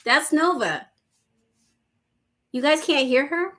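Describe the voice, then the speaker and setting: Bright-voiced effusive woman hosting a live chat. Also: sits high, takes it slowly. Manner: effusive, repeats phrases to savor them, laughs often. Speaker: livestream host. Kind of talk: casual live chat, reading viewer comments aloud.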